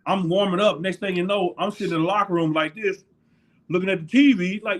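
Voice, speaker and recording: A middle-aged former NFL linebacker with a high voice speaks fairly quickly as an interview guest, animatedly telling locker-room stories, laughing a lot and performing what others said.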